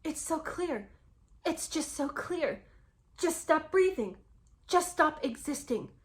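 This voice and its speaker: A woman putting on a slow, theatrical voice to mock a melodramatic young woman. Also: high voice, lively intonation, pitched above the performer's own voice. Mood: mock tragic.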